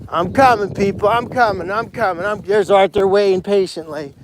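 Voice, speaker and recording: A man's voice: high-pitched, moderate pace, slight background noise. A man caring for animals at a sanctuary, chatting to a live stream while he works alone outdoors, calling and coaxing the pigs in a sing-song way. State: working alone, moving around outdoors. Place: outdoor pig pens.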